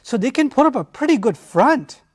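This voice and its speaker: A man teaching a Quran study lecture, animated and often acting out quoted lines. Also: extremely high pitch, moderate pace.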